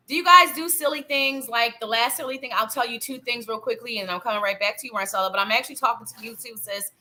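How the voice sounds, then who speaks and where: A woman with a bright, fairly high voice hosts a live tarot reading show. She chats playfully and talks straight to the viewer, laughing often. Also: fast, rough recording. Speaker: psychic reader hosting a live show.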